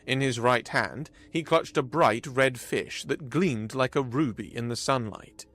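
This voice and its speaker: A man giving an expressive scripted narration of a sci-fi story. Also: medium pitch, a little slow, faint music behind.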